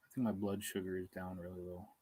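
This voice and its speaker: A man's voice: low-pitched, level tone, quick pace, dark tone, a little hiss or hum, low-quality recording. A man hosting a live stream outdoors, chatting in a rambling, casual way, hungry and tired, chuckling as he reads comments aloud. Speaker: beekeeping livestream host.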